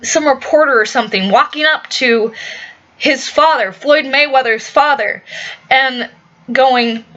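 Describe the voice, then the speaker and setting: A woman's voice: sits high, bright, forceful tone, lo-fi sound. A woman ranting bluntly in an opinion vlog, swearing often and restarting her sentences. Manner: profane, blunt, fast with many restarts.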